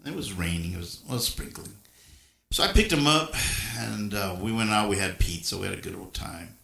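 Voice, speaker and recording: Older male livestream host, low voice, folksy rambling storyteller, echoey room. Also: expressive, normal speed, creaky, bright, forceful tone. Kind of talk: casual storytelling chat.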